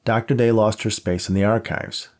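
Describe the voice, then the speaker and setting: A man reading an unfazed deadpan young woman. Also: fairly low pitch, normal speed, close to an everyday voice. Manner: deadpan, unbothered. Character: calm young female grad student, unfazed and dry.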